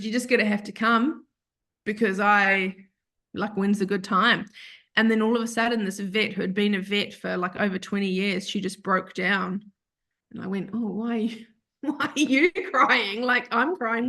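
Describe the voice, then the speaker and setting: A woman appears as a podcast guest, sharing an emotional personal story with animated earnestness and acting out what others said. Her mid-range voice carries vocal fry, and she speaks openly about grief.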